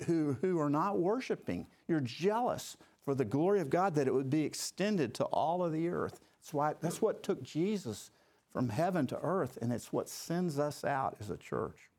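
A man's voice: a little high, expressive, moderate pace, a little mellow. A man leading a Bible study group, talking conversationally with many fillers and restarts.

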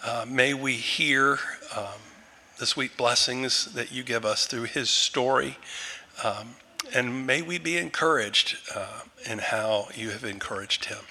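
A male pastor leading an earnest, halting prayer before a church group. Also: mid-range voice, pushed and bright, long reverb tail. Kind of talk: sermon and prayer.

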